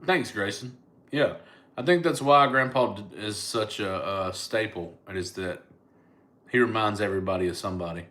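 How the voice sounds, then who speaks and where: A man's voice: lowish voice, normal speed, bright, forceful tone. A joking man from Alabama with a Southern accent, chatting casually on a live stream and answering comments. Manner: joking, laid-back, teasing. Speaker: comedian and online host.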